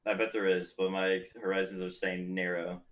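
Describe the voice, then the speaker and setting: A man's voice: sits low, flat delivery, fairly bright tone, poor audio. A man hosting a podcast, chatting casually with blunt, joking remarks. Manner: blunt, joking, quick interjections. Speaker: podcast host. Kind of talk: casual chat.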